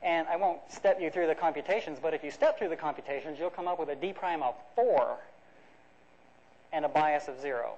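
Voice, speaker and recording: In a lecture hall, a man gives a conversational academic talk, working through ideas step by step with frequent restarts and fillers. His voice sits a little high, moves fairly quickly, and has a darkish tone. The recording is dull and lo-fi.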